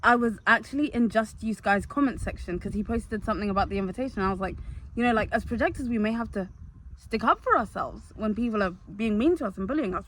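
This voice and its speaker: A young woman talking straight to camera in a candid, animated monologue, full of fillers. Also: on the high side, low-quality recording. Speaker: vlogger. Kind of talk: casual storytelling monologue.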